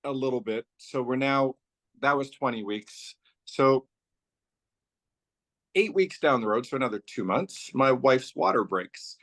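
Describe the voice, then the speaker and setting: Male guest, founder type, mid-pitched voice, loose chatty storyteller, lots of "so" and "like". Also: fairly bright tone. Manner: loose and rambling, strings clauses with "so" and "like". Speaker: company founder telling his story as a guest. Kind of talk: casual conversational storytelling.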